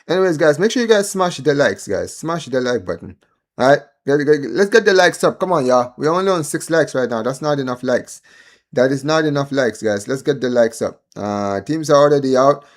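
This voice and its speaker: A man hosting a live football watchalong stream. He rants, pleads and chats to his viewers in an excitable, exasperated way. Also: medium pitch, fairly quick. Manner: chatty, addresses viewers as guys and bro. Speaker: livestream host.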